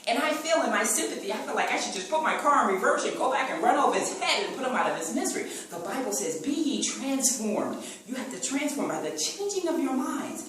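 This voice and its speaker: A woman's voice: high-pitched, big pitch swings, a little fast, hardly any pauses, fairly bright tone. A woman preaching a sermon with animation, repeating phrases and acting out sounds and quotes. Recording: echoey room from far off with faint noise.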